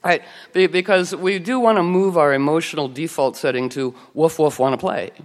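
A woman's voice: low-pitched, steady tone, normal speed, long reverb tail. A woman host telling rambling, playful anecdotes in casual chat, full of fillers and restarts. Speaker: radio show host, telling anecdotes as a guest.

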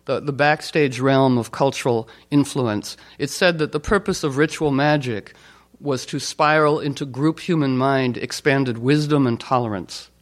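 A man's voice: medium pitch, steady tone, moderate pace. A man giving an informal talk, rambling with fillers and restarts, and playfully telling anecdotes in which he acts out the people he quotes. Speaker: speaker.

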